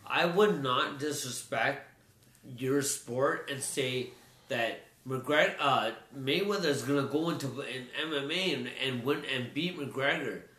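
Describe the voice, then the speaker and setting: A man talks sports in a loose, casual way, full of fillers and restarts. His voice is bright and forceful, and the room around him rings with echo. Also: mid-range voice, a little slow. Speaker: sports talk co-host. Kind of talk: casual chat. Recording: roomy echo.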